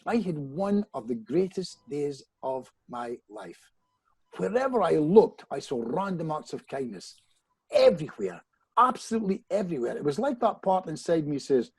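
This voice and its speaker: A hypnotist appearing as a podcast guest tells a personal anecdote, an animated storyteller who often restarts phrases and speaks straight to the host. His voice is fairly high and husky at normal speed, in a dry, rough recording.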